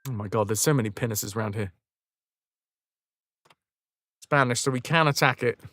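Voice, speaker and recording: A man's voice: mid-range voice, moderate pace, fairly bright tone, a little hiss or hum. A man casually commentating on a game during a live stream, chatting with viewers and swearing when things go wrong. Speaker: livestream gamer.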